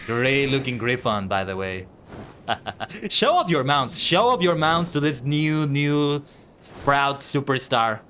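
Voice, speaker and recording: A man's voice: mid-range voice, lively intonation, takes it slowly, pushed and bright, slight background noise. A young man chatting casually with his viewers while playing and commenting on an online game. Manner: chatty, talks to chat. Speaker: streamer. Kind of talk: livestream gameplay commentary. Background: game music.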